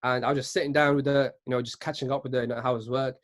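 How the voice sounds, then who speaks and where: A man in his twenties talks very fast in a mid-range voice with little pitch movement. He gives an earnest motivational talk at a virtual business event, repeatedly checking in with "right?"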